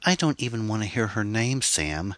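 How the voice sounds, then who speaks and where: A man voicing a bitter, angry woman on the phone, snapping and scornful, with shrill outbursts. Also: sing-song, moderate pace, sharp tone, slightly rough, no room sound, exaggerated voice. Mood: furious.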